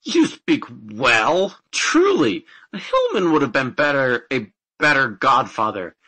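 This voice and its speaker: A man voicing a greedy, boastful young farmer who speaks slowly and indignantly. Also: medium pitch, very animated, pushed and bright, exaggerated voice. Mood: demanding. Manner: slow, demanding, indignant.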